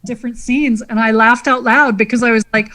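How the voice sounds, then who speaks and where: A woman from Canada, a guest on a podcast, chatting casually and in an animated way. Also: a little high, brisk, rough recording. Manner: animated, quotes lines from scenes. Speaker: guest, comedic actress.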